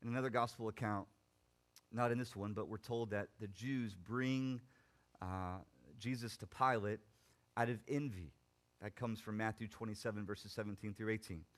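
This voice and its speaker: A young man preaching a sermon as pastor, swinging from loud emphatic points to quiet, low asides, with a few restarts. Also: moderate pace. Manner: animated preaching, rising loud then dropping quiet.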